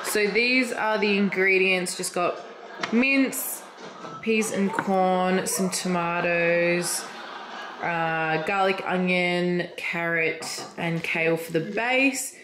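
A young woman with an Australian accent, vlogging casually, animated and swearing freely with lots of "like" fillers. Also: fairly low pitch, takes it slowly, background noise. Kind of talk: casual vlog storytelling.

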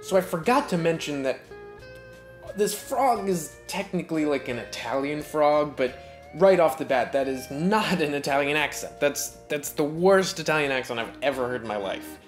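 A man's voice: on the high side, animated, normal speed, faint music behind. A man giving sarcastic, profane, mock-outraged voice-over commentary on a movie as its reviewer.

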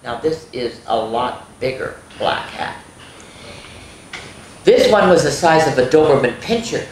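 A woman reading a spooky children's story aloud, expressive, with gasps and little asides to young listeners. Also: very deep voice, a little slow, a little hiss or hum. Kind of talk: reading a spooky picture book aloud to kids. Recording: roomy echo.

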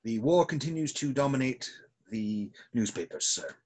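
A man's voice: medium pitch, lively intonation, normal speed, a little mellow, breathy edge. A man playing a deferential, formal manservant in a play reading over a video call, with a stiff, proper delivery.

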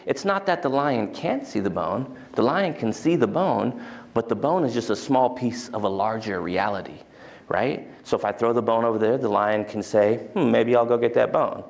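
A male lecturer speaks in a low, gravelly voice with plenty of vocal fry. He talks in a casual, conversational way. He is teaching in a large lecture hall and at times leads a mindfulness exercise. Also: lively intonation, moderate pace.

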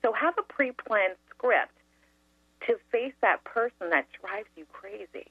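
A woman telling a story as a talk show guest, animated and laughing often. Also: mid-range voice, unhurried, breathy edge, dry recording. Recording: dry tinny phone line.

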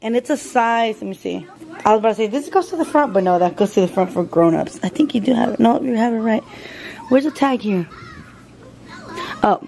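A woman's voice: a little high, creaky. A young woman chatting casually to her camera, narrating her chores and her kids' routine at home, dropping in Spanish words to her kids. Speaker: family vlogger. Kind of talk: casual vlog chat. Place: family home, indoors. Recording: home video with steady background noise.

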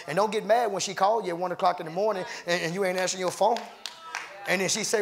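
A man preaching a sermon as pastor, rising into shouted, half-sung cadences and calling out to people in the congregation. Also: high voice, steady tone, racing, vocal fry. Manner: calls out to congregation members by name.

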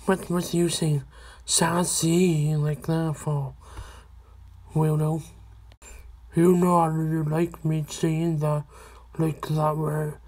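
A woman chatting casually on her own video channel, her voice low and husky. She talks very slowly in broken, stop-start phrases, with little rise and fall in her pitch. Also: little pitch movement, mellow. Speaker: channel host.

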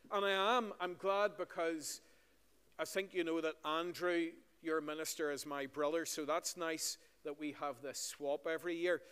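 A man's voice: fairly high pitch, a bit bright, clear, resonant tone. A Northern Irish man, a pastor, giving a friendly story-style children's talk in a church service. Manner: friendly storytelling to children, asking them questions. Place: large church. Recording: long church hall reverb.

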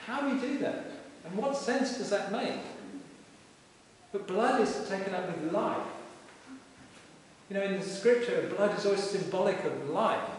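Emphatic vicar preaching in an echoey church. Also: male voice, sits high, expressive, measured pace, pauses often. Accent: Welsh. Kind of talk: sermon. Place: stone church, live service. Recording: echoey church from far off with hiss.

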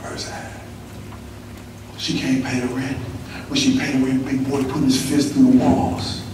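A man from Los Angeles giving a motivational school-assembly talk, telling his story and calling out for the crowd to answer back, from hushed to shouting. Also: medium pitch, level tone, unhurried, background noise. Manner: storytelling, call-and-response with the audience, swings from hushed to shouting. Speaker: motivational speaker. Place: school gym or auditorium. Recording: echoey hall, voice from far off.

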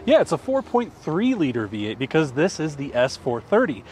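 A man with a fairly high voice explains car specs in a relaxed, easygoing way. He is recorded outdoors, with faint street noise behind him. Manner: easygoing, explanatory, quick to agree. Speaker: co-host presenting cars. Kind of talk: casual car review chat.

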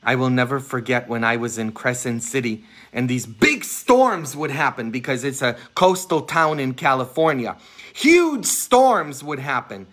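A man preaching a homily as a Catholic priest, impassioned, dropping to a hush and rising loud as he acts out voices in his stories. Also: medium pitch, expressive, moderate pace. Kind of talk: sermon.

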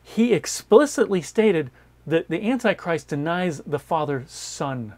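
A man's voice: on the high side, lively intonation, unhurried. Emphatic man preaching a Bible sermon. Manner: emphatic, repeats key phrases, swings between loud stresses and quiet asides. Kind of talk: sermon-style Bible teaching.

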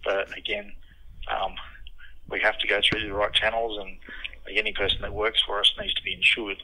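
A middle-aged Australian man, a tradesman taking a phone call, patient, polite and measured. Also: lowish voice, flat delivery, bright, forceful tone, a little hiss or hum. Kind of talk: phone conversation.

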